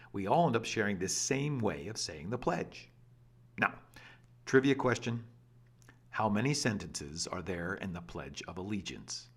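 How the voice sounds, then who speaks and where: A man presenting an energetic scripted explainer with a lively, playful and emphatic delivery. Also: on the low side, breathy edge. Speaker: educational presenter.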